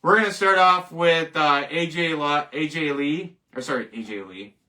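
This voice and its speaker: A man's voice: a little high, moderate pace, sharp tone, distant mic. A man hosting a casual solo show, rambling, joking and laughing at his own jokes. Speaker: host. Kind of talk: casual solo wrestling commentary.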